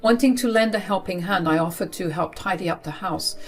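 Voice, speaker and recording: A woman's voice: fairly low pitch, brisk, soft background music. A woman narrating a first-person story in an earnest, emotional way.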